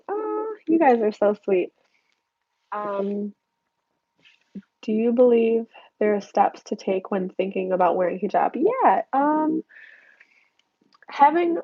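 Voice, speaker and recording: A young woman, a YouTuber answering viewer questions in a candid live Q&A, speaking with a slightly stuffy, hoarse voice from allergies. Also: medium pitch, dull audio. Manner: candid, chatty, many fillers and restarts. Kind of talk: casual live Q&A chat. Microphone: headphones with mic.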